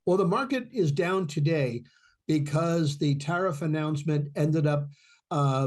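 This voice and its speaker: A man's voice: on the high side, mellow. A man giving a short interview comment on the markets, hesitant with fillers. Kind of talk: interview clip.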